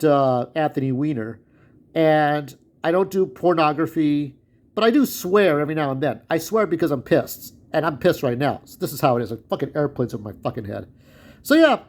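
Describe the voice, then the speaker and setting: A man hosting his own vlog, ranting in a profane, rambling way with frequent restarts. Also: a little high. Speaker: channel host.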